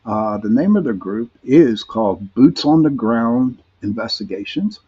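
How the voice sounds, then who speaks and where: A man's voice: mid-range voice, animated, a little slow, breathy edge. A man hosting a live podcast, rambling and friendly with lots of fillers and restarts. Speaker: podcast host. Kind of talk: live-stream podcast chat. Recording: dull lo-fi streamed audio.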